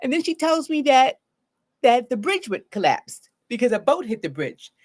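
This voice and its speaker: A woman therapist talks live to her viewers, her fairly high voice rising and falling with a lot of movement. She acts out her own reactions as she goes, speaking with plenty of feeling. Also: big pitch swings, normal speed. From Baltimore, Maryland. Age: adult with a grown daughter.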